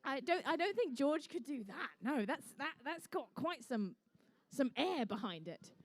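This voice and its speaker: New woman, event MC. High, bright, enthusiastic, jokes between play-by-play; dry, close sound. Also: sing-song, unhurried, no room sound. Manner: bubbly, jokey, enthusiastic. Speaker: event commentator and MC. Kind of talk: live competition commentary with playful banter.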